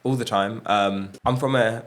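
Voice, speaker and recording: Male co-host, lowish voice, earnest and reflective. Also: steady tone, a little slow. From English Midlands. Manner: earnest, reflective, many "kind of" hedges. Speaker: podcast co-host. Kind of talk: casual interview talk.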